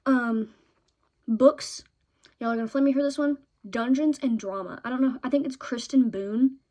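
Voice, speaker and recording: A young woman vlogging in a chatty, excitable way about her favorite shows and books, often ending points with "okay?". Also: fairly high pitch, moderate pace.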